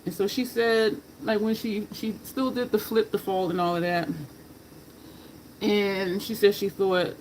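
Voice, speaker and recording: A woman's voice: medium pitch, level tone, unhurried, a little mellow, a little hiss or hum, poor audio. A woman chatting casually while she does her makeup, rambling from story to story, laughing and cursing freely. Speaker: makeup vlogger.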